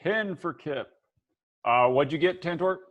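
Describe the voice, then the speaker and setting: A man runs a tabletop session and narrates at an unhurried pace. His voice sits a bit high, and his delivery is loose and full of fillers and easy laughter. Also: dull audio. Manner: laughs often, relaxed with many fillers. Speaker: dungeon master. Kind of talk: running a tabletop game over voice chat.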